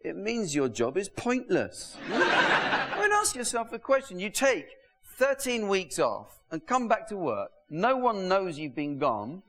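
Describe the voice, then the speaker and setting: A man's voice: high voice, unhurried. A man doing a dry, sardonic stand-up comedy monologue to an audience. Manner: dry, sardonic, deadpan delivery. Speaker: stand-up comedian and show host. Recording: hissy VHS tape rip. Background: audience laughter.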